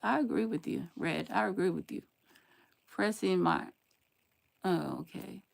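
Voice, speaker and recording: Her voice is gravelly, low, and unhurried. An older grandmother from the American South, she goes live and fires back at chat comments with blunt, scolding sarcasm and lively shifts in tone.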